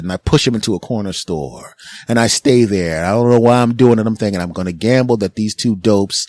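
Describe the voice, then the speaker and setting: A middle-aged Philadelphia man hosts a podcast, telling a casual comic story and mocking the people he quotes with put-on voices. His voice is lowish and a little mellow, and he talks a bit fast. The recording is dry.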